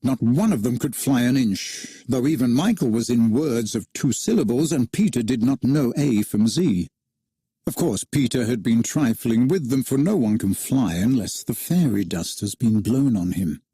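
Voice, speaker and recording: Husky, warm-voiced man reading a storybook. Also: mid-range voice, normal speed, no echo, studio quality. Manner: expressive, animated narration.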